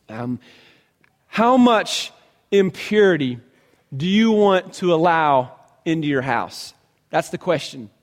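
Earnest man preaching, slightly high voice. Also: big-room sound. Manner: earnest storytelling, acts out quoted voices. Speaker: pastor. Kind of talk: sermon to a men's gathering.

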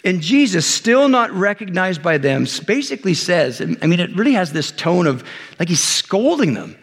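A man's voice: sits high, normal speed, husky, long reverb tail. A man preaching a sermon as a pastor, telling a Bible story casually and acting out the characters' lines. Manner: conversational storytelling with lively voiced retellings.

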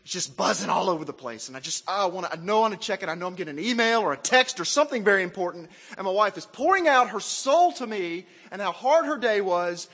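A man from Arkansas, preaching a sermon in an animated, self-mocking way and asking the crowd questions. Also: high-pitched, fast talker, hardly any pauses, husky, in a large hall. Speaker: pastor.

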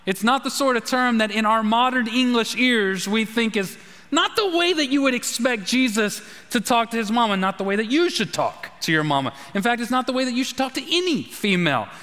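A man, preaching a conversational sermon as a pastor, sometimes sinking to a hushed, intense delivery. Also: extremely high pitch, lively intonation, fairly quick. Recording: long hall reverb.

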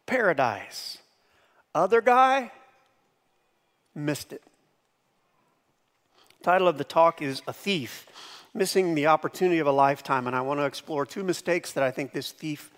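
A man preaching a sermon as pastor, lively, dropping to hushed tones and bursting into shouted impressions. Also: fairly high pitch, moderate pace, long reverb tail.

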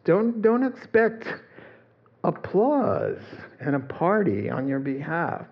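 A man's voice: a little high, very animated, slow. Guy preaching, casual storyteller vibe, does little voices, kinda muffled audio. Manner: conversational, storytelling with quoted voices and chuckles. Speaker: pastor. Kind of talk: sermon.

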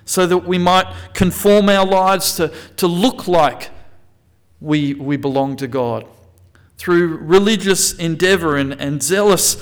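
A man's voice: sits high, slow, clear, resonant tone. A man preaching a sermon, reading scripture aloud and explaining it with frequent restarts and self-corrections. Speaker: pastor.

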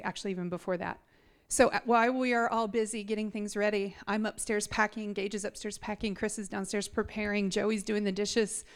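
A woman in her thirties giving an earnest, animated mission trip testimony to a church congregation, talking straight to the listeners. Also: medium pitch, clean tone. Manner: earnest and animated, addressing the audience directly.

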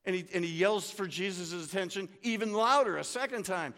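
Male pastor, sermon delivery, hushed-to-loud swings, long church reverb. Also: high voice, a little fast.

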